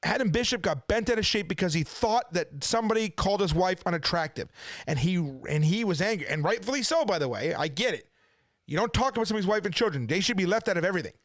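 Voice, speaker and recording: A man with a high, animated voice rants indignantly from his kitchen at home. He keeps firing rhetorical questions in a loose, unscripted commentary. The sound is close and dry. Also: fast talker, no room sound. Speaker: preacher and channel host. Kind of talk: casual ranting commentary.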